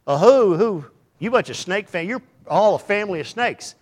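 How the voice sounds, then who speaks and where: A man preaching a sermon voices a blunt desert prophet who loudly scolds a crowd. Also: high voice, expressive, normal speed, voice pushed up. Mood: scolding. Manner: scolding, loud and cutting.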